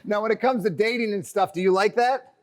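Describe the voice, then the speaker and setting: A man giving an energetic, joking motivational talk from a conference stage, calling the audience his friends. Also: sits high, brisk. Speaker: keynote speaker.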